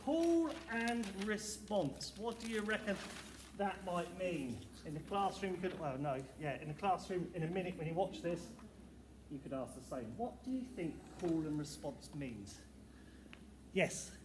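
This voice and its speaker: Male teacher, high voice, upbeat and encouraging, echoey hall with audible background noise. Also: lively intonation, unhurried, far from the mic. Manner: upbeat, encouraging, talks to children. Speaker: primary school teacher. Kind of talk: leading a school music assembly. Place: school hall, indoors.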